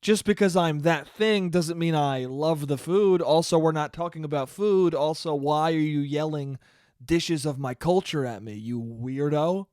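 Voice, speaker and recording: A man's voice: on the high side, unhurried, clear, resonant tone, no echo, studio quality. Wry young man ranting on a podcast. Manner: sarcastic, animated storytelling with mocking quoted voices. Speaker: podcast host. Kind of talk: solo comedic podcast rant.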